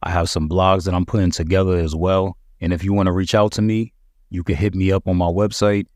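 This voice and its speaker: A man's voice: sits low, little pitch movement, brisk, a little mellow, no room sound, clean studio sound. A man hosting a solo podcast, talking to listeners in a conversational, emphatic way. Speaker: podcast host.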